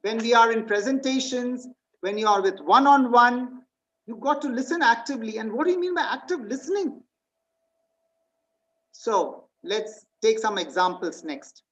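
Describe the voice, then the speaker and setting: A woman's voice: fairly high pitch, expressive, normal speed, a bit bright, low-quality recording. A woman giving an online presentation, reading slide points and quizzing her listeners. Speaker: webinar presenter.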